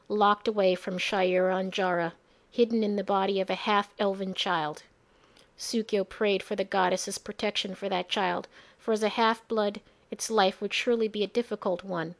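A woman narrating a fantasy story in a measured storytelling manner. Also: medium pitch.

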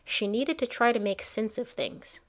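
A woman reading a storybook chapter aloud in an expressive, measured way. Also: a little high. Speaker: audiobook narrator. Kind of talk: storybook narration.

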